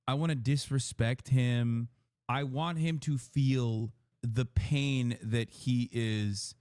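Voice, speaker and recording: A man's voice: medium pitch, clean tone, no room sound, studio quality. A young man livestreaming his reaction to a clip, rambling and cursing as he picks apart the argument. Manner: excited, profane, analytical rambling. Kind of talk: live-stream reaction commentary.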